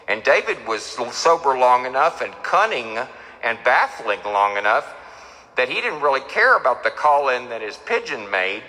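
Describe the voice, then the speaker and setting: A middle-aged man speaks at a recovery meeting. He tells his story with repetition and acts out the voices of the people in it. His voice is bright and forceful and rings with the long reverb of a hall. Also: mid-range voice, big pitch swings, moderate pace. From Texas. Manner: storytelling, repeats phrases, acts out quoted people. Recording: echoey hall.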